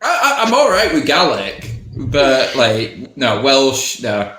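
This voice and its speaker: A man playing a party game and chatting casually, playfully contrary and quick to laugh at his own takes. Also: mid-range voice, huge pitch swings, a bit bright, a little hiss or hum. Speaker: game player. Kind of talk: casual chat. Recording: echoey room.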